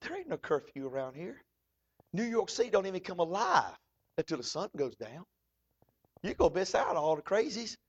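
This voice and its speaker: A man's voice: sits high, big pitch swings, a little fast, slightly rough, exaggerated voice. A man voicing a blunt, folksy New York cab driver who coaxes his passenger to stay out. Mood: amused. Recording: dull lo-fi recording.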